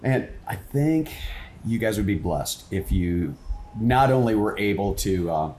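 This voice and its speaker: A man's voice: lowish voice, expressive, unhurried, darkish tone, reverberant, slight background noise, low-quality recording. A man hosting a casual faith talk, reading scripture aloud and then musing in an earnest, rambling way. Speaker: host.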